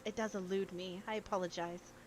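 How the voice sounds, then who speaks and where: A woman's voice: mid-range voice, steady tone, fairly quick, slight background noise, close to an everyday voice. A woman voicing a flustered, apologetic woman professor who stammers politely.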